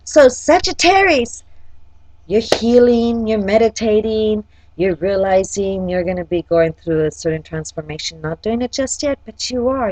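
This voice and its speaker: A woman's voice: a little high, darkish tone, dry recording, low-quality recording. A woman giving a casual, chatty horoscope forecast. She often checks in with "okay?" and talks directly to each sign. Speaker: astrology forecaster and life coach.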